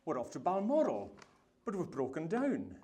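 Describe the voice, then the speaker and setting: A Scottish man doing a high, prim impression of an elderly queen. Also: huge pitch swings, moderate pace, warm tone.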